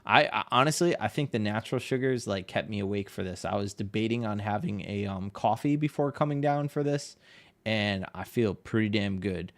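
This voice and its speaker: A man's voice: lowish voice, fairly quick. A man with a Northeastern American accent, chatting casually with his livestream audience while drawing. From Connecticut, USA. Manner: chatty, reads chat aloud, laughs often. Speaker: livestreaming artist.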